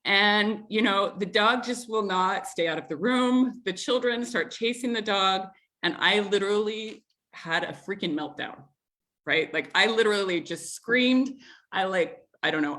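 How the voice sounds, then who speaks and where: A woman in her thirties hosting a community group, telling a family story in a chatty, animated way, with frequent laughs and filler words. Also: medium pitch. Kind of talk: casual storytelling in an online group talk.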